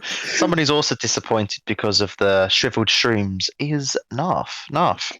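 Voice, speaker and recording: A man's voice: medium pitch, animated, unhurried, bright, forceful tone, no echo, low-quality recording. A man running a tabletop game as game master, narrating events and joking with the players. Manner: describes events playfully, jokes with players.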